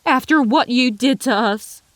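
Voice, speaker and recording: A woman's voice: high-pitched, unhurried, dry recording, voice pushed up. A woman voicing an angry, protective frontier mother who speaks sharply with a raised voice. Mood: furious.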